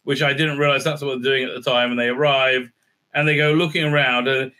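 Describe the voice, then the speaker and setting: A man's voice: mid-range voice, fairly even intonation, a little fast, sharp tone. A man hosting a casual, ranting review recap, crude and sarcastic with lots of fillers. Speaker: show host, TV reviewer.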